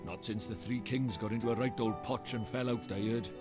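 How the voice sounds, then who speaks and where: A man's voice: on the low side, a little fast, close to an everyday voice. An actor voicing a folksy male fairy sidekick with a lilting Welsh accent, in a game dub with music behind. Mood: chatty. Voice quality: lilting, colloquial.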